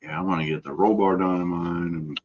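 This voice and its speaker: A man's voice: low voice, steady tone, brisk. A middle-aged man hosting a casual live stream, easygoing, answering viewers' messages by name. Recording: dull lo-fi stream audio.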